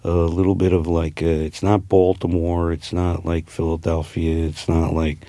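A man's voice: deep voice, completely flat delivery, moderate pace, warm tone, no room sound. A man from New Jersey with a New Jersey accent, an actor talking casually in an interview, rambling with many fillers and restarts. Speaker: actor guest.

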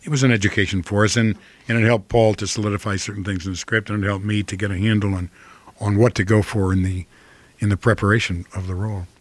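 Older midwestern actor, low-voiced, halting, dry close mic. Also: male voice, level tone, dry recording. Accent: flat Midwestern American. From Ohio, US Midwest. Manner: hesitant, many fillers and restarts. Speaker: actor, interview guest. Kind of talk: reflective interview answers.

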